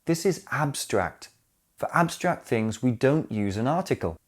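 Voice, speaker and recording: A man narrating a scripted English grammar lesson, explaining slowly and clearly and speaking his examples aloud. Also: medium pitch, animated. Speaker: English teacher.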